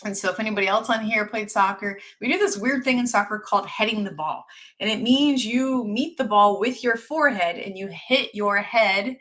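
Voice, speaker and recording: A woman's voice: medium pitch, normal speed. A middle-aged woman, a doctor being interviewed, telling casual stories and acting out the lines of the people in them. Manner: animated, acts out dialogue in her stories. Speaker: guest doctor.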